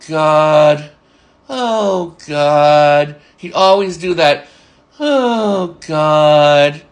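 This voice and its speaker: A man in his forties telling rambling, halting stories about an old friend and coworker. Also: sits high, a bit bright. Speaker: storyteller recalling a friend. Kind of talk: casual spoken reminiscence.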